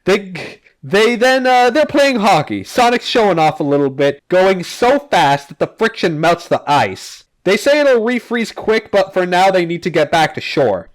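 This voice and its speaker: A man's voice: high voice, expressive, unhurried, hardly any pauses. A man hosting a casual podcast, recapping comics in a rambling, filler-heavy way with the odd swear. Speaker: podcast host.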